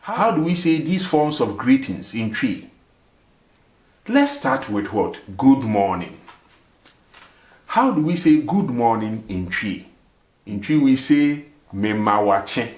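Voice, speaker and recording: A man's voice: mid-range voice, big pitch swings, slow, long pauses. A man, hosting a language lesson. He repeats phrases and keeps asking rhetorical "what?" questions before he gives the answer. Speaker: language teacher, show host. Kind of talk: language lesson, slow and repetitive.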